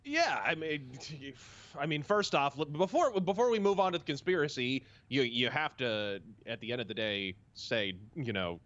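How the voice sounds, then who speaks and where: A man's voice: medium pitch, lively intonation, moderate pace, a bit bright, lo-fi sound. A man appearing as a guest on a comedic podcast, ranting in sardonic quips. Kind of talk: casual comedic chat.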